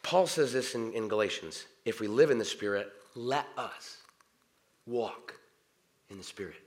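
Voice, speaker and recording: A man preaching a sermon, animated, swinging from loud exclamations to soft, quiet passages. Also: on the low side, a little slow.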